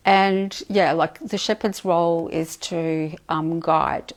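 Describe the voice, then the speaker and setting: Woman channeler, low-ish voice: murmured chant syllables between casual "they're going" explanations. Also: takes it slowly, hardly any pauses. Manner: alternates flowing invented-sounding chant syllables with chatty plain explanation; relays messages with frequent "like" and "they're going". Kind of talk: live channeling session.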